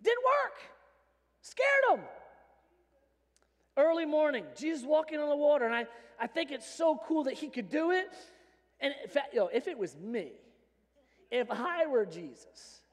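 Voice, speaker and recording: A man preaching a sermon as pastor, animated and joking in a conversational way. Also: very high-pitched, moderate pace. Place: church sanctuary. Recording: long reverb of a church hall.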